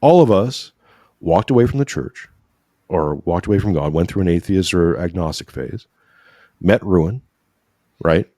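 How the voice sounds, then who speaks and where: Low-voiced guy preaching a bit on a podcast, keeps saying right?, dry close sound. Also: measured pace, pauses often, dark tone, dry recording. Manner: earnest, preachy, repeats "right?" often; emotional at times. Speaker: podcast guest. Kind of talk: conversational religious discussion.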